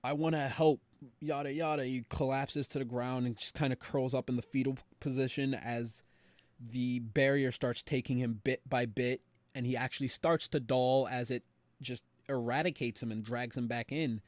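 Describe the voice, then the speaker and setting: Young male co-host, mid-pitch, casual recap with punchy swearing and quoted lines; dead-dry room. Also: dry recording. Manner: animated retelling with quick voiced quotes, swears freely. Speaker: podcast co-host.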